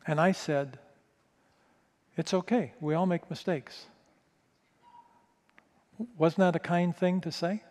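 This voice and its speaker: A man's voice: on the high side, steady tone, slow, pauses often, darkish tone. Man preaching in an echoing hall. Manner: candid, self-mocking, stammers on restarts. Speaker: pastor. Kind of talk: sermon with personal storytelling. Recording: long reverb of a large hall.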